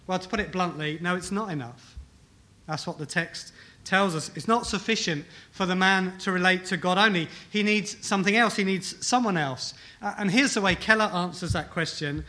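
A man's voice: high-pitched, normal speed, sharp tone. A man preaching a sermon to a congregation, emphatic, repeating key phrases and asking rhetorical questions. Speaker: pastor. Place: church hall with congregation.

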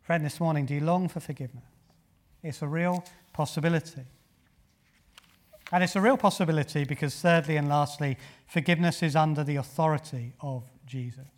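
A man's voice: a little high, fairly quick. A man preaching a sermon, speaking earnestly to the congregation, asking them rhetorical questions and building to emphatic points.

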